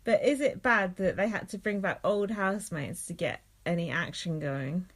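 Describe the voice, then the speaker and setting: A woman's voice: fairly low pitch, moderate pace. A woman co-hosting a podcast, chatting casually, giggly and blunt, swearing freely. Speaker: podcast co-host. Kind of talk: casual chat.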